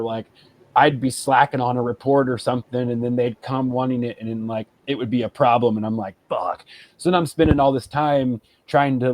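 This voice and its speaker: A man's voice: mid-range voice, a little mellow, dry recording. A man in his thirties co-hosting a casual podcast, talking in a rambling, reflective way with lots of fillers. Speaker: podcast co-host. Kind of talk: casual chat.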